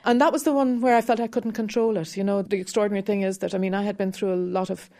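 A woman who teaches harp, talking candidly and reflectively in a radio interview, with soft laughs. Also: mid-range voice, steady tone, quick pace. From Ireland.

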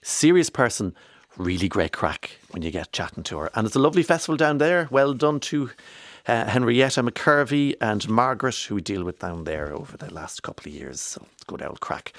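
A man's voice: mid-range voice, expressive, moderate pace, fairly bright tone, dry recording. An Irish man presenting a radio show in a studio, chatting casually with rambling, playful asides. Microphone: studio microphone.

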